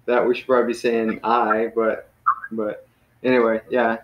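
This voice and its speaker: A man teaching a class in a relaxed, casual way, with many fillers and self-corrections. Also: medium pitch, normal speed. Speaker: Greek teacher. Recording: roomy, dull lo-fi classroom recording.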